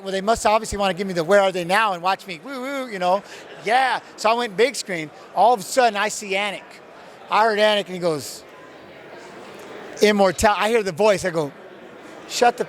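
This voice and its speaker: A middle-aged man telling an emotional story as an interview guest, acting out his own quotes, outdoors. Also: high voice. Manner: animated, acts out his own quotes, swears. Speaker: interview guest, retired fighter.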